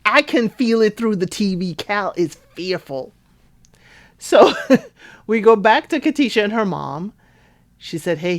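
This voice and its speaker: A woman giving a casual, chatty recap of a reality show, acting out quotes and laughing as she talks. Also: on the low side. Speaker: recap podcaster.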